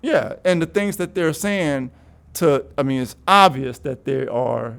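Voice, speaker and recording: Gravelly-voiced man giving frank opinions. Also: on the high side, measured pace, fairly bright tone. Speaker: co-host. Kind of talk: casual chat.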